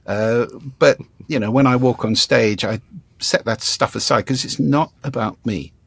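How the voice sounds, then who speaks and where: An older man as an interview guest, explaining ideas in a demonstrative way and playing with his pitch and volume to show his points. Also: normal speed, creaky, breathy edge, no echo. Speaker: guest, speaking coach. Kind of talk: conversational interview.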